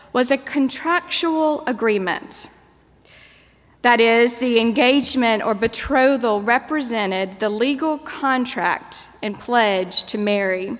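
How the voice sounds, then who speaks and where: Woman preacher giving a sermon, unhurried and a little high in pitch, telling a story in a long church reverb. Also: a bit bright. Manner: measured, storytelling delivery.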